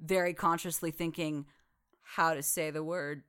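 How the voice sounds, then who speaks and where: A woman's voice: deep voice, fairly even intonation, moderate pace, fairly bright tone, smooth. A woman co-hosting a film podcast, chatting casually and emphatically about the movies. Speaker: podcast co-host. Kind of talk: casual chat.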